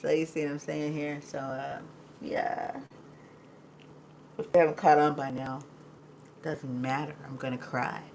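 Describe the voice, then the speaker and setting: A woman hosting a live podcast in casual chat, emotional and quick to laugh, talking in a loose, rambling way. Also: deep voice, little pitch movement, vocal fry, a little mellow, slight background noise, low-quality recording. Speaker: podcast host.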